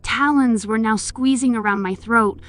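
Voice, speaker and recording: A woman with a higher-pitched voice narrates a horror story at a moderate pace while music plays. She voices the heroine emotionally, pleading lines and all.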